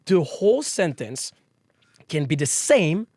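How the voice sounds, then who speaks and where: A French-accented man hosts a relaxed chat, his fairly high voice rising and falling with lively energy. The sound is close and dry. French is his first language. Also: slow, no echo. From France. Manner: animated, lively storytelling. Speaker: host. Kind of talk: casual conversation.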